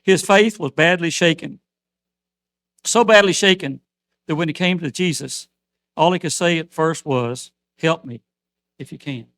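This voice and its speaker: A man's voice: fairly high pitch, unhurried, pauses often, dry recording. Older male preacher, dry close sound. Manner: storytelling preacher, swings from loud to soft. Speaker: outreach minister. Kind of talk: sermon.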